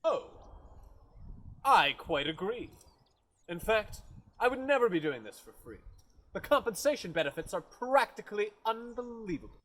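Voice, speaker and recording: A man's voice: high-pitched, sing-song, moderate pace, long pauses, a bit bright. A man acting a pompous, petty corporate boss in a comedic audio drama. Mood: smug. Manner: pompous, ranting, theatrical. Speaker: company boss. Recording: music playing under the voice.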